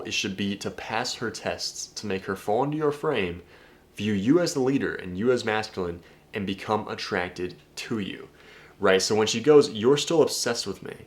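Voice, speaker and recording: This dating coach breaks things down casually on video, his voice sitting on the lower side. He drives his points home emphatically, curses, and speaks directly to the audience.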